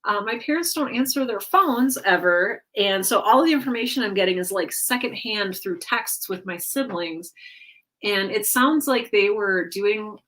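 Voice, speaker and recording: Woman, livestream host, casual chat at home, rambling, lots of fillers and restarts, medium pitch. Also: animated, normal speed, fairly bright tone. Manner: chatty, with many fillers and self-corrections. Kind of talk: casual chat with a live audience.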